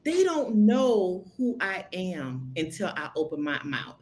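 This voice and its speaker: A woman's voice: lowish voice, sing-song, takes it slowly, a little mellow, a little hiss or hum. A woman from the United States hosting a live video Q&A, talking emphatically and straight to her viewers. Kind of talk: casual live-stream chat. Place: lives in Kenya.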